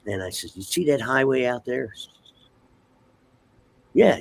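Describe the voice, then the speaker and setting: Gravelly, profane man telling a story. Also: mid-range voice, a little slow. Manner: profane, animated storyteller acting out dialogue. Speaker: interview guest. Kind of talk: casual storytelling.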